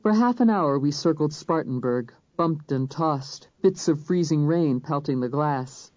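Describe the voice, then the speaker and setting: An audiobook narrator reading a crime thriller in first person, measured and even. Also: medium pitch, dry recording. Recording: dull, dry studio recording.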